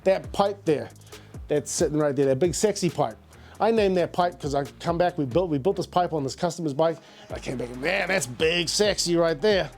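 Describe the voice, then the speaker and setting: Middle-aged New Zealand man, animated slangy storyteller, slightly high voice. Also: brisk, faint music behind. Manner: animated, slangy, repeats words. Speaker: guest, business founder. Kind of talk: casual interview storytelling.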